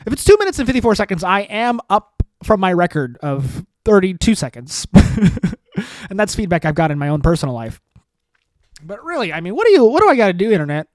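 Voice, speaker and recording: A man hosting a solo comedy podcast, rambling through self-mocking dark jokes and sarcastic asides. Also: high-pitched, big pitch swings, moderate pace, no echo. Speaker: podcast host.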